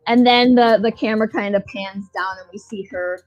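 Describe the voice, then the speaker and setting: A woman's voice: medium pitch, fairly even intonation, brisk, muffled recording. A woman co-hosting a podcast, recapping a show in casual, blunt, profane, joking chat. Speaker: podcast co-host.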